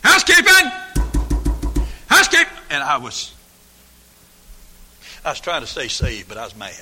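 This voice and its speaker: An older man preaching a folksy sermon, swinging from hushed asides to shouted lines in a church. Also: mid-range voice, expressive, moderate pace, husky, soft background music. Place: church sanctuary. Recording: long hall reverb.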